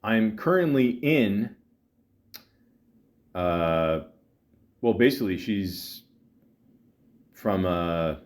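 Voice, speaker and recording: Rambling man with a low voice. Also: animated. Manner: rambling, halting, with many fillers and restarts; wry, sardonic asides. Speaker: podcast host. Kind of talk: casual monologue.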